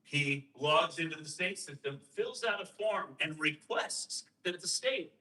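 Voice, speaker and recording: A man talking to a host, explaining and telling a story with emphatic rhetorical questions and lively quoted voices. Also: on the high side, a little slow, distant mic, low-quality recording. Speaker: guest speaker on election systems.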